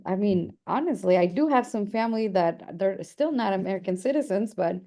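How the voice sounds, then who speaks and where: A woman student in a class discussion, speaking hesitantly in halting bursts with many restarts. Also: medium pitch, expressive, gravelly, dark tone.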